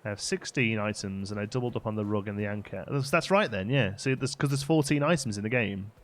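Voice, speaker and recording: A man with a fairly low voice talks fast while casually commenting on his own gameplay during a live stream. He's relaxed and chatty, reading viewers' messages aloud and answering them.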